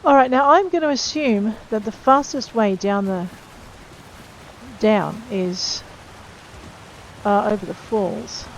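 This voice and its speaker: Woman gamer, casual playthrough commentary, unhurried talk, chatty, faint background hum. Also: mid-range voice. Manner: chatty, talks to game characters, laughs at herself. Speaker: gamer playing through a game.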